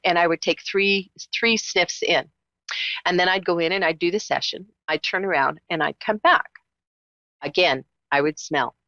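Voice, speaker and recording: A woman's voice: on the low side, fairly bright tone, no echo, lo-fi sound. A woman hosting a call-in psychic show, talking in a chatty, teasing way with emphatic repetitions. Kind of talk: live call-in psychic reading.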